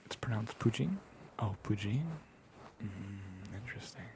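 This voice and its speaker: A young man whispering softly through an ASMR live stream, chatting with viewers and laughing often. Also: fairly low pitch, a little slow, noisy background.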